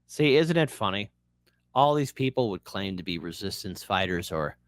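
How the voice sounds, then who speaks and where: A man's voice: low-pitched, lively intonation, moderate pace, no echo, clean studio sound. A man hosting an online commentary show, talking casually with a sarcastic, mocking manner. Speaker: political commentary host.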